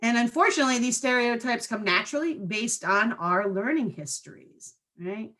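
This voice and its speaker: A woman's voice: a little high, lively intonation, moderate pace, bright, forceful tone. A woman trainer giving a training presentation to school staff in a conversational way, often checking in with her listeners through short tag questions.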